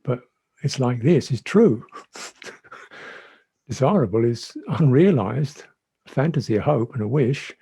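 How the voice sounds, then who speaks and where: A man who is a Buddhist monk teacher giving a dhamma talk in a reflective, gentle way, often repeating his phrases. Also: mid-range voice, expressive, slow, gravelly, pauses often, husky. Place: monastery meditation hall.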